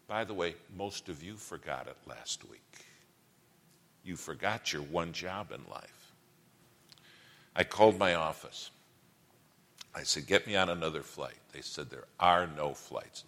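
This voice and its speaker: A man's voice: extremely low pitch, lively intonation, measured pace, pauses often, fairly bright tone, in a large hall. A middle-aged man preaching a sermon in an auditorium, telling a folksy, humorous story and asking the audience questions.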